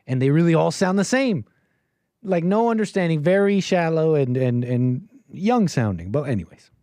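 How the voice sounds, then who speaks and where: A man's voice: fairly high pitch, expressive, normal speed, dark tone, no room sound, clean studio sound. A man hosting a call-in livestream, reacting to clips in casual, rambling commentary with many fillers and a sarcastic, dismissive edge. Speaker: livestream host taking calls.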